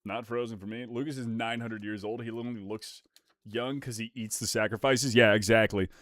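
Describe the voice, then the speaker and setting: A young man in his twenties streaming casual chat while opening trading card packs, excitable and swinging from mumbled asides to loud hyped yells. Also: mid-range voice, moderate pace, no room sound, clean studio sound.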